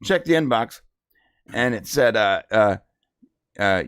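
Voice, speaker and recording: A man co-hosting a podcast in casual chat, rambling and halting with lots of fillers. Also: on the low side, expressive, clean tone, no echo, clean studio sound. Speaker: podcast co-host.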